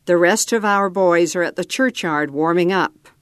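A woman voicing a gruff, bossy male cowboy leader in a read-aloud story, speaking bluntly and giving orders. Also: on the low side, moderate pace, dry recording, clean studio sound, lightly acted.

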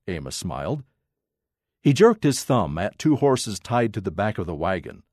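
Lively man reading a children's story. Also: fairly low pitch, normal speed, dry recording, studio quality. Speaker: narrator. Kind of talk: storybook read-aloud.

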